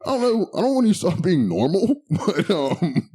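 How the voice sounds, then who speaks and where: A man's voice: sits high, very animated, moderate pace, dark tone, slightly rough. A young man from the Pittsburgh area co-hosting a podcast in casual chat, swearing and laughing often. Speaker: podcast co-host.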